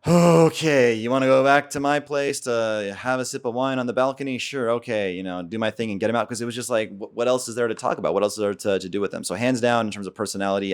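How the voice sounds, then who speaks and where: An American man ranting bluntly and off the cuff as the host of a dating vlog, opinionated and rambling. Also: on the low side. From United States. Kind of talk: casual off-the-cuff vlog rant.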